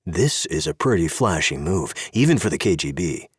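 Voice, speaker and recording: A wary, terse male agent talks low and guarded, as a male narrator voices him. His voice carries a husky grain in an audio drama. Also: big pitch swings, moderate pace, no echo, studio quality, heavily acted. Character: gruff cigar-chewing male agent, wary.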